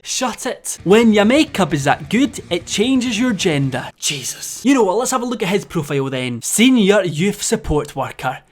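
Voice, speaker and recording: A man's voice: sits high, very animated, moderate pace, few pauses. A young Scottish man in his twenties doing a sarcastic commentary vlog, swearing and stumbling over restarts. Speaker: YouTuber.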